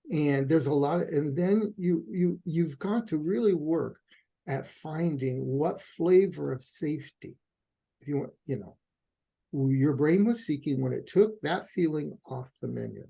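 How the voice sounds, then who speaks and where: Gravelly-voiced man, animated storyteller. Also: a little high, a little slow. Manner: animated storyteller, acts out quotes. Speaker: couples therapist. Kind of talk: conversational interview answer.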